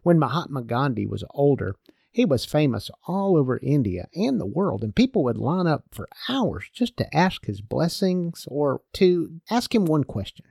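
An older man giving a devotional talk, an expressive storyteller. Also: on the high side, moderate pace, gravelly, slightly rough, no room sound, clean studio sound. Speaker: speaker.

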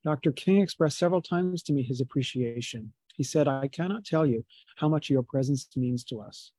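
A man's voice: mid-range voice, moderate pace, warm tone, breathy edge, dry recording, low-quality recording. Man reading a passage aloud on a call. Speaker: class participant reading aloud. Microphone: video call.

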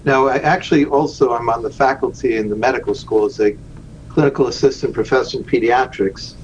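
An earnest man tells his story as a podcast guest, leaning on key words and slowing down to stress them. His voice comes over a dull, lo-fi remote line with a faint hiss underneath. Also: medium pitch. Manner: earnest, slows down for emphasis. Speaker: guest, rabbi and charity founder.

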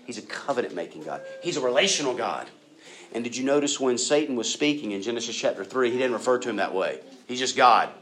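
A male preacher delivering a sermon in an easy, conversational tone, speaking right to his congregation. He often breaks into acted-out quotes, leaping high in pitch for them. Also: quick pace. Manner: animated, acts out quoted voices with big pitch jumps; conversational, addresses listeners as guys and y'all.

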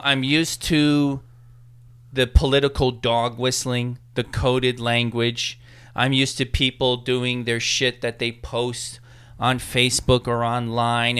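A man telling a story in casual conversation, animated and acting out the voices of people in it. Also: mid-range voice, clean tone. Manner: animated, acts out voices in his anecdotes. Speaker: podcast guest telling a story.

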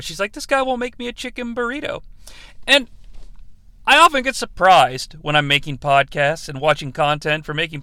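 Lively, bright-voiced man riffing on movies. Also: high voice, no room sound. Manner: sarcastic and profane, acts out quotes from scenes. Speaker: podcast host reviewing movies. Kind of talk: casual comedic movie review.

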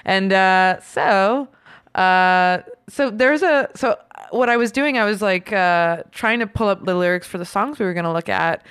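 A woman co-hosting a podcast in casual chat, laughing often and filling pauses with ums. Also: medium pitch, fairly bright tone, clear, resonant tone, no room sound, studio quality. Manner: chatty, laughs often, many fillers. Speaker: podcast co-host.

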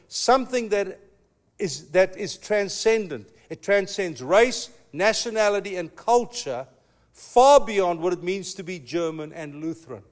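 A pastor preaching a sermon, telling a story with emphatic, slow dramatic pauses. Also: male voice, high-pitched.

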